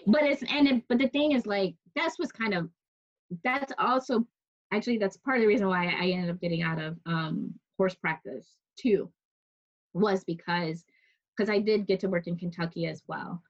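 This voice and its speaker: A woman's voice: medium pitch, moderate pace. A woman telling stories in a casual conversation, chatty, full of restarts and "like", often laughing. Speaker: interviewee. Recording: dull lo-fi recording.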